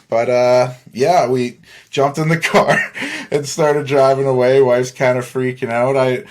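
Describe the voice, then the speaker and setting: Rambling young man telling a story. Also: mid-range voice. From Saskatchewan, Canada. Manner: rambling, laughs often, swears freely. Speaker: podcast host. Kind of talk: casual storytelling.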